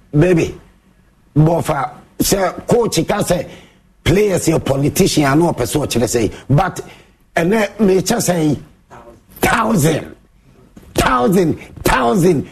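Husky Ghanaian sports host, theatrical. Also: male voice, a little mellow. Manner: mixes Twi and English, theatrical, shifts pitch a lot, sings bits. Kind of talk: animated sports monologue.

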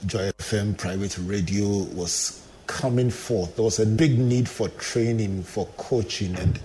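Earnest male host, low voice. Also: unhurried, mellow, slight background noise, poor audio. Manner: earnest, framing questions at length. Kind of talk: interview conversation.

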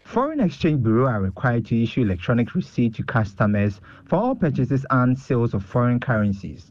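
A man's voice: medium pitch, dull audio. Man reading a news report. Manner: measured formal delivery.

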